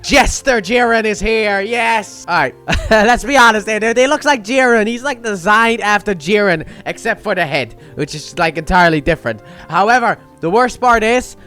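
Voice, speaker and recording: A man's voice: high-pitched, animated, moderate pace, sharp tone, faint music behind. A man with a slight cold, casually recapping an anime episode in a rambling, chatty way and acting out the characters' lines. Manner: chatty, rambling, acts out quotes in playful voices. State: a little sick. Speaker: anime reviewer.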